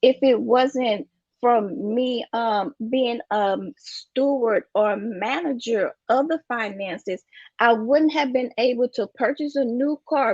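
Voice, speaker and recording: A woman's voice: on the high side, measured pace, darkish tone, husky, dry recording, dull audio. A woman giving an emphatic, preachy motivational talk about finances, repeating her catchphrases. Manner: preachy, repeats "you get what I'm saying". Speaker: guest speaker on finances.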